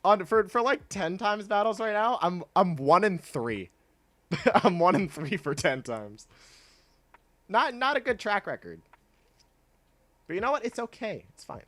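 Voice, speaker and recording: A young man casually chatting with his chat while playing a video game, laid-back and quick to laugh. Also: high-pitched, big pitch swings, fairly bright tone. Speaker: streamer.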